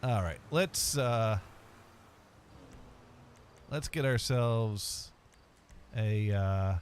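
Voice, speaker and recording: A man's voice: on the low side, very slow, slight background noise. A man hosting a casual gaming stream from home, rambling, making dry jokes and reading chat aloud. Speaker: streamer host. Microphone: webcam and desk mic.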